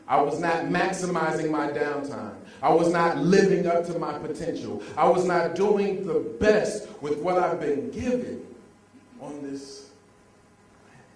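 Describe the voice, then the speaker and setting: A man's voice: a little high, animated, slow pace, darkish tone. A young man giving a live motivational talk, telling stories and leading call-and-response with a crowd. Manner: call-and-response, laughing, storytelling. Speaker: motivational speaker. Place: large hall with live audience. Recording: echoey room, distant mic, faint noise.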